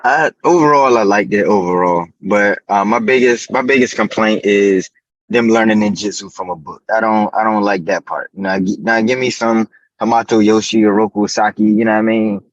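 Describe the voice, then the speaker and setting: A man co-hosting a casual podcast chat, laid-back and slangy, getting animated as he talks. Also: lowish voice, moderate pace, dry recording, lo-fi sound. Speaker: podcast co-host.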